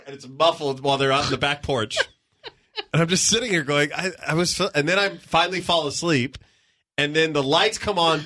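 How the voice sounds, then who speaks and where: A man on a podcast, telling comedic stories about his kids and acting out his family members in a high voice. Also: normal speed, a little hiss or hum. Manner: animated storytelling, acts out family members in a high voice. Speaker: podcast co-host. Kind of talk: casual comedic chat.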